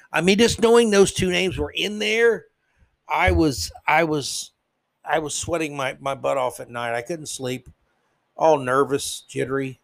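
A man's voice: a little high, fairly bright tone, no echo. A man hosting a podcast, delivering a sarcastic, mock-outraged comedic monologue into a close microphone. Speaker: podcast host.

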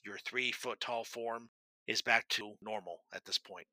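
Bright, dry-miked male game master narrating combat steadily. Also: lowish voice, no echo, rough recording. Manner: steady, descriptive narration with brisk rule calls.

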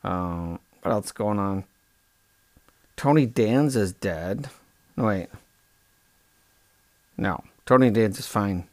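A man hosting a comic podcast, rambling deadpan and correcting himself mid-sentence. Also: lowish voice, slow pace, pauses often, no room sound. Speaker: podcast host.

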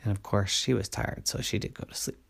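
A man telling a whispered bedtime story in a soft, hushed, lulling way. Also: fairly low pitch, steady tone, brisk, gravelly, breathy edge.

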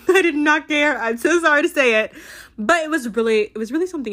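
A woman's voice: high voice, animated, fast, a bit bright. A teenage girl chatting casually about books she loved, rambling and giggly with lots of fillers. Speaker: book vlogger. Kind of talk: casual book review chat.

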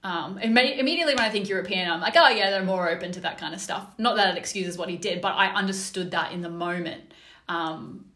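A woman's voice: on the low side, fast talker, a bit bright, roomy sound. A woman telling a story in casual chat, with many fillers and restarts.

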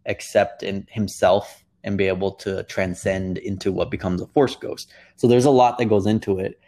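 A young man casually recapping an episode for a co-host. His voice sits low and runs on loosely, with frequent restarts and fillers. It sounds like relaxed podcast chat. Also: moderate pace. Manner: rambling retelling with many fillers and restarts.

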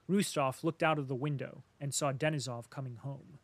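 A man narrating a classic novel in a measured, steady way. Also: medium pitch, dry recording. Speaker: audiobook narrator. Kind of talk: scripted narration.

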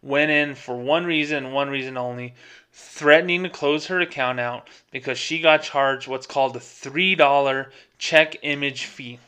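Bright clear-voiced man telling a story. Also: mid-range voice, moderate pace. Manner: animated retelling that acts out quoted dialogue. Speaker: podcast co-host, former bank employee. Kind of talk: casual storytelling.

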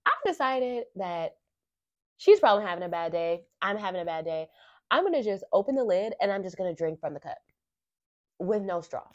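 A woman podcast host telling a casual story in an animated, chatty way, full of rhetorical asides. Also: medium pitch, brisk, no room sound. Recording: dry, slightly muffled lo-fi recording.

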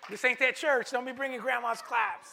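A man's voice: very high voice, little pitch movement, normal speed, vocal fry, a crowd in the background, noisy background. A man preaching a sermon as pastor, emphatic, repeating phrases for stress and calling out to the congregation. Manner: calls to the congregation.

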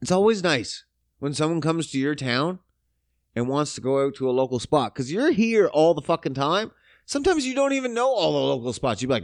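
Profane ranting man, high lively voice. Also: normal speed, no echo, studio quality. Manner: profane, sarcastic, ranting with swings from mutters to outbursts. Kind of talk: casual profane rant to camera.

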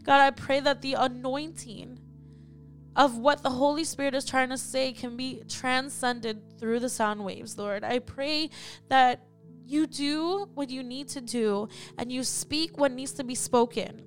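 Young female prayer host, fervent and repetitive, slightly high voice, faint music underneath. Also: steady tone, unhurried. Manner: fervent, repeatedly calling on God between phrases. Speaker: podcast host leading prayer. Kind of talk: spoken prayer.

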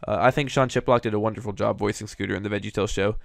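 A man's voice: lowish voice, fairly even intonation, racing, vocal fry, no room sound. Man giving casual, rambling commentary. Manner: rambling, hedging with fillers. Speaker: host reviewing voice recasts.

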